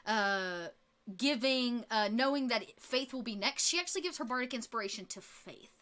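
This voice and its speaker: Female GM, bright and slightly high, loose conversational tabletop narration. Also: animated, normal speed. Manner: casual, filler-heavy narration with laughs. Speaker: game master.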